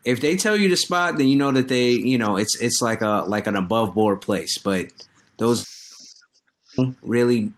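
A man's voice: medium pitch, moderate pace. Laid-back man telling food stories. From New York. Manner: storytelling, acts out people he quotes. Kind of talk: casual group chat.

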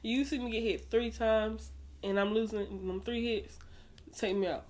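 Woman, podcast co-host, slightly high voice, animated, teasing, emphatic, casual studio chat. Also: a little slow. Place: recording studio.

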